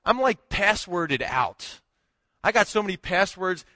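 Man, pastor, sermon, conversational storytelling, bright voice, long hall reverb. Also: sits high, very animated, a little slow. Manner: conversational preaching with humorous storytelling.

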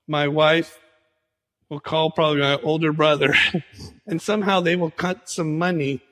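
A male pastor preaching a sermon in an animated way, acting out conversations as he teaches. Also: a little high, normal speed, big-room sound. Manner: animated preaching, acts out dialogue with Jesus.

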